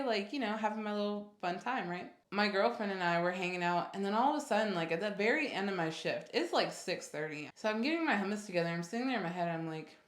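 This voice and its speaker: A young woman telling a personal story in a casual storytime vlog, animated and full of fillers as she acts out what people said. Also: mid-range voice, quick pace, hardly any pauses. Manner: animated retelling, acts out quotes, many fillers. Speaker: vlogger. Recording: roomy echo.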